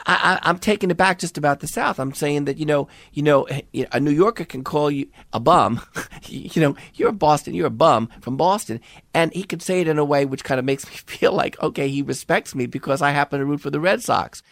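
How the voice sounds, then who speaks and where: A man's voice: on the high side, a little fast, gravelly, fairly bright tone, no echo. An older man, a podcast co-host who teaches medical students, talking in a thoughtful, casual way with restarts and asides. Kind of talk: casual conversation.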